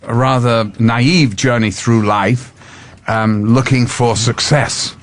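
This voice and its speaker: A man's voice: mid-range voice, fairly even intonation, takes it slowly. A man in his sixties, a guest actor on a talk show, telling stories in a chatty, amused way. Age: 60s. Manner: chatty, amused, slips into character voices. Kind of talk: casual interview storytelling.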